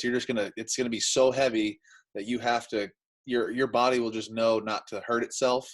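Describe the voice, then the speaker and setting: Relaxed man explaining training drills. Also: medium pitch, fairly quick, low-quality recording. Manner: relaxed, explains with everyday examples, many fillers. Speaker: athletic trainer demonstrating drills. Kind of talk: casual instructional chat.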